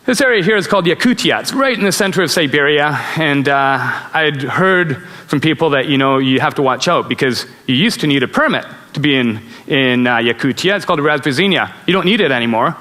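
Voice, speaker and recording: A middle-aged man giving a conference talk, telling travel stories in an animated way and chuckling at his own tales, heard on a stage microphone in a large auditorium. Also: a little high, a little fast, hardly any pauses. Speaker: conference speaker. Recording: auditorium reverb.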